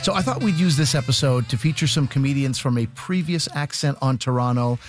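A man's voice: medium pitch, a little fast, music in the background. A man hosting a radio comedy show, introducing it in an upbeat, friendly presenting style.

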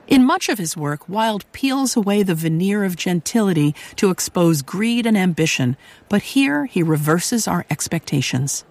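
A woman presenting a radio program in measured, scripted commentary. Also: on the low side, expressive, a little mellow, dry recording. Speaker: radio host.

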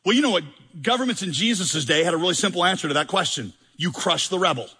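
A man's voice: high voice, lively intonation, quick pace, sharp tone, breathy edge, in a large hall. A male pastor preaching a sermon in a conversational, humorous, emphatic way with many rhetorical questions.

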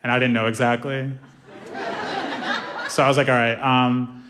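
Young man, stand-up comic, animated storytelling, sudden high-pitched bursts, long hall reverb. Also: normal speed, pauses often, crowd noise, background noise. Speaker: stand-up comedian.

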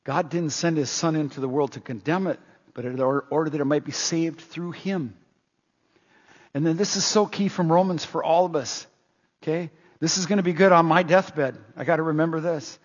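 A man's voice: a little high, moderate pace. A man preaching a sermon as pastor, earnest and full of rhetorical questions, in a church. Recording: dull lo-fi sound with long hall reverb.

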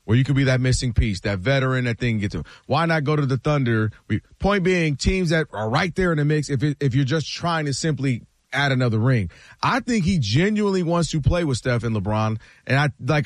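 A man co-hosting a sports talk radio show, talking in animated, slangy banter and laughing as he makes his case. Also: mid-range voice, no room sound, studio quality. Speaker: radio co-host.

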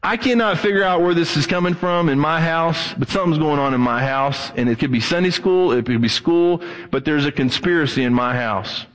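Man, pastor, sermon, slightly high voice, dramatic pitch swings, reverberant church hall. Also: brisk, hardly any pauses, fairly bright tone. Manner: preaching with wide swings of pitch, acting out voices.

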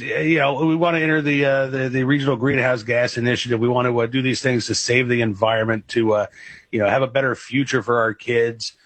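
A male radio talk show host with a mid-pitched, slightly husky voice. He asks questions conversationally, with plenty of fillers and restarts. His studio sound is close and dry. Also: fairly bright tone, no room sound. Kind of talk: radio interview.

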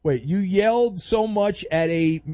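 A man's voice: high voice, measured pace, mellow, no room sound, lo-fi sound. A man hosting a sports talk radio show, talking in a playful, teasing way.

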